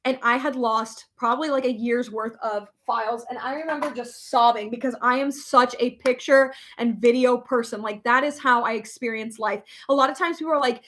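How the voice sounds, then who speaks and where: A woman's voice: fairly high pitch, fairly even intonation, fairly quick, hardly any pauses, fairly bright tone. A young woman hosting a casual live chat, rambling with many fillers and laughing often. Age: young adult. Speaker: livestream host reading comments.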